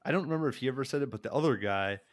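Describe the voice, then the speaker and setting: A man's voice: medium pitch, lively intonation, racing, no room sound, clean studio sound. A man chatting casually on a podcast, rambling and laughing often, swearing freely. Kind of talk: casual chat.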